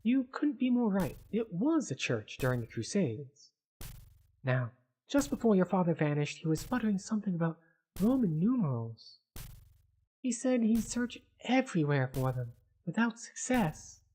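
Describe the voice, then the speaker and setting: A gamer voicing a polite young female archaeologist in a high, prim put-on voice, reading lines from a point-and-click game. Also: sing-song, moderate pace, warm tone, husky.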